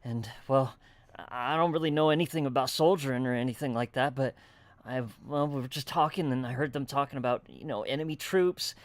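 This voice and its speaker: A man puts on a scared young farmhand who has run until he is out of breath, tripping over his words and apologizing as he stammers out his story. The voice sits a little higher and louder than a plain talking voice, and the pace is quick and uneven. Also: dry recording, close to an everyday voice. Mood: panicked. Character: frightened young male farmhand, breathless and rambling.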